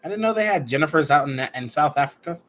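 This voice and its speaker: Chatty guy from chicago doing tarot readings for viewers, kinda high voice. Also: lively intonation, fast, a bit bright, low-quality recording. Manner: chatty, playful, talks to viewers. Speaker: tarot and numerology reader. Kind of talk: casual livestream reading.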